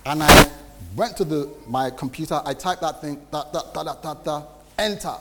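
A man preaching a testimony, telling a story in an animated way and acting out the voices in it. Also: a little high, moderate pace, in a large hall. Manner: animated, acts out quoted dialogue. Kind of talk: sermon storytelling.

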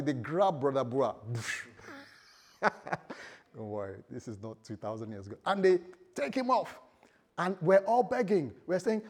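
A man's voice: sits high, huge pitch swings, a little slow, long pauses, darkish tone. A male preacher giving a sermon, telling stories animatedly and acting out the voices of the people in them.

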